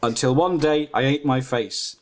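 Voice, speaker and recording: A man's voice: medium pitch, normal speed. A man reading his own story aloud on a podcast, giggly and self-mocking, breaking off to comment.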